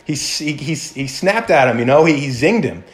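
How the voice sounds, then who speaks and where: A male pastor preaching a sermon in an animated, conversational way, often restarting and acting out quotes. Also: a little high, moderate pace.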